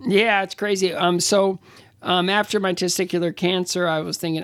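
A man in his sixties, an interview guest telling stories casually, halting with many fillers and restarts. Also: sits high, level tone, fairly bright tone, no echo, clean studio sound. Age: 60s. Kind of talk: casual conversational storytelling.

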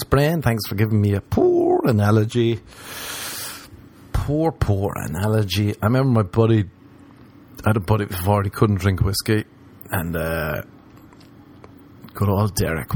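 A man's voice: fairly low pitch, lively intonation, unhurried, long pauses, a little mellow. A man telling rambling comic stories and laughing at his own jokes. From Ireland. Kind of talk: casual comedic storytelling.

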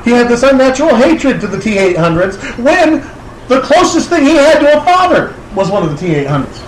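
A man in casual movie-talk banter who swears a lot and breaks into loud, excited outbursts. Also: very high voice, normal speed, reverberant, background noise.

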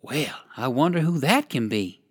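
Uncle Wiggily, a polite old gentleman rabbit, as a reader puts him on. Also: mid-range voice, animated, normal speed, husky, no echo, studio quality. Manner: polite, earnest. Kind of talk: storybook character voice.

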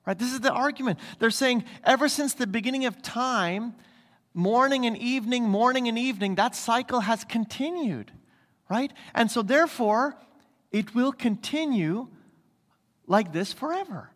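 A man's voice: very high voice, moderate pace, a bit bright, in a large hall. A man preaching a sermon as pastor, emphatic, asking his congregation rhetorical questions again and again. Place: church.

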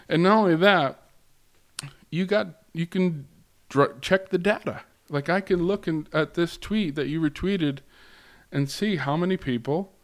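A middle-aged man giving a guest lecture to a class over a remote link, talking conversationally with many fillers and restarts. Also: mid-range voice. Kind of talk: informal lecture.

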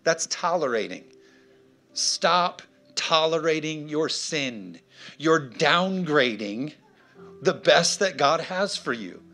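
A man's voice: on the high side, expressive, takes it slowly, pushed and bright, soft background music. A man preaching a sermon, emphatic and punchy, checking in with his congregation. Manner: emphatic, punchy, call-and-response. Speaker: pastor.

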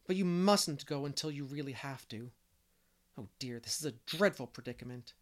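A man's voice: medium pitch, expressive, moderate pace, close to an everyday voice. A man voicing an imaginative, talkative young girl who speaks earnestly and fancifully.

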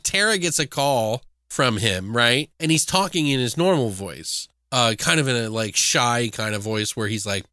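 A man co-hosting a podcast in casual, animated chat, swearing freely as he rants. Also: medium pitch, normal speed, hardly any pauses, smooth, no room sound, studio quality. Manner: animated, profane, ranting. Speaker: podcast co-host.

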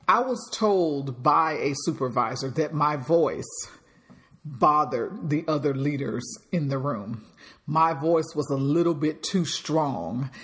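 A woman hosting a motivational podcast, talking in an emphatic, projecting way. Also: low voice. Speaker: podcast host.

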